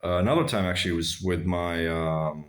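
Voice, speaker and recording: A vlogger with a low, steady, fairly bright voice speaks at a moderate pace. In casual storytelling to camera, he rambles through crude, blunt personal stories and calls his viewers "guys."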